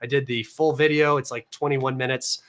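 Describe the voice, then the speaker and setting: A young American man chats loosely on a livestream from his room, rambling with many fillers and restarts. His voice is a little nasal from allergies, and his pitch sits right in the middle for a man. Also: little pitch movement, moderate pace, a bit bright. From United States. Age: young adult. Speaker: livestream host. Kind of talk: casual livestream chat.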